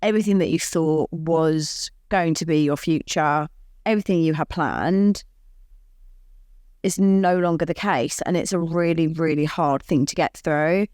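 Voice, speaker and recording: A woman's voice: sits low, a little slow, a little mellow, smooth, no echo, clean studio sound. A woman co-hosting a podcast, earnestly reassuring listeners in casual chat. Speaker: podcast co-host. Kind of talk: casual chat giving advice.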